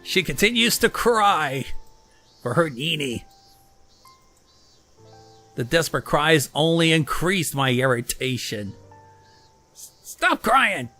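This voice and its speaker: A man's voice: fairly high pitch, animated, slow pace, pauses often, bright, forceful tone, soft background music. A man reading a visual novel aloud as a let's play host, swearing and reacting as he goes. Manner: casual, profane, reacts mid-read. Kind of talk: reading a game aloud with commentary.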